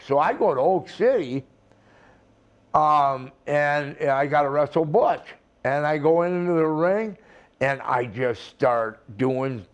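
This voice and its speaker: An older man, a retired wrestler, telling a rambling, profane story in a casual interview. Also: a little high. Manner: rambling, profane, acts out the people in his stories.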